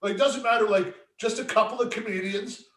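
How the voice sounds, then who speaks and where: Rambling high-voiced man, roomy and off-mic. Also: steady tone, fairly quick, fairly bright tone, recorded from a distance. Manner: rambling, full of "like" and swearing. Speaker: podcast co-host. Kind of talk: casual chat. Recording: roomy echo, away from the mic.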